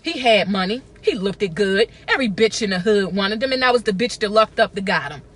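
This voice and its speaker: A woman's voice: medium pitch, animated, a little fast, a bit bright. A woman, talking to camera in a blunt, profane, emphatic casual rant. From Baltimore. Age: 30s. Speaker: vlogger.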